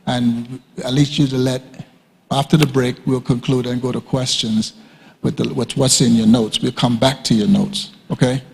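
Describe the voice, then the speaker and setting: A man's voice: medium pitch, level tone, normal speed, gravelly, darkish tone, breathy edge. An older man teaching at a church leadership conference, in a conversational style with joking asides. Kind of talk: teaching talk. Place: church hall. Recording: long hall reverb.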